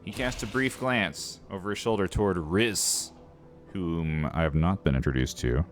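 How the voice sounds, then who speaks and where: A man's voice: low-pitched, moderate pace, faint music behind. A man giving wry, sardonic commentary while streaming a game. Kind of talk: let's-play commentary.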